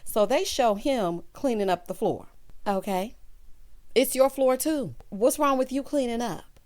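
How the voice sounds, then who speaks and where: A woman, talking through a reality show recap. She is sassy and animated, and she slips into changed voices when she quotes people. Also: fairly high pitch, a little slow. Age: 30s. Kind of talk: casual recap commentary.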